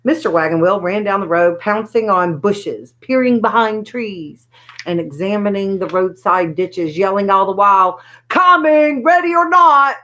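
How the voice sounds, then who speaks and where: A woman reading a children's chapter book aloud, with lively, expressive storytelling. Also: medium pitch, moderate pace, poor audio. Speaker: storybook reader.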